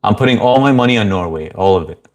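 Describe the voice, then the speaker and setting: Brief: male livestream host, lowish voice, easygoing chat, reads comments and greets viewers. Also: animated, fast talker. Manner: easygoing, greets viewers by name, frequent fillers.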